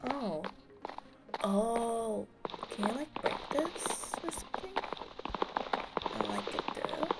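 A woman giving casual, excitable gameplay commentary as host of her gaming channel, giggling and squealing with delight. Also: fairly high pitch, slow pace, heavy background noise.

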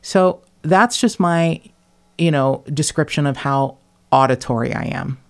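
Animated, blunt woman podcast host. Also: low-pitched, a little slow, vocal fry. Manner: animated and blunt, swears freely, laughs mid-sentence. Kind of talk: casual chat.

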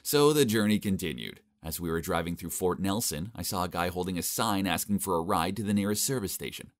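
A young man narrating an animated story in a complaining, exasperated manner. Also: sits low, a little fast.

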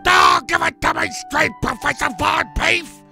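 A performer playing a panicked parent in a comedy sketch, shouting and stammering. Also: high-pitched, measured pace, creaky, soft background music, heavily acted. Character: frantic, panicked parent of a sick boy.

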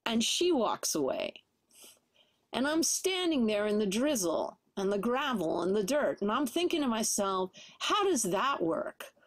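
A woman's voice: fairly high pitch, very animated, a little slow, no room sound. A middle-aged woman sharing a personal testimony at church, conversational and full of "you know" fillers. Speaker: church speaker.

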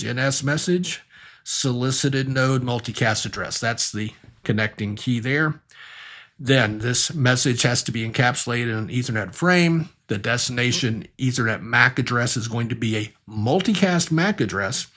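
Male instructor, husky, mid-pitched, steady explanatory delivery for a technical course. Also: moderate pace. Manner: explanatory, talks through diagrams step by step. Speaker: networking instructor. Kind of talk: recorded technical lesson.

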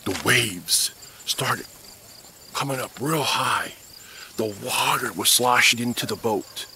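A man teaching Sunday school, telling a Bible story to children in an animated way and checking in with them. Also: medium pitch, takes it slowly, a little hiss or hum. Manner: animated storyteller who keeps checking in with the kids.

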